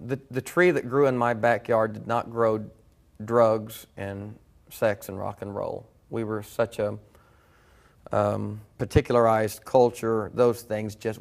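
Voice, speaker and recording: A man's voice: fairly low pitch, vocal fry. A middle-aged man, earnestly telling his own story as a preacher in a reflective conversation. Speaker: guest preacher. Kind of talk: personal testimony in conversation.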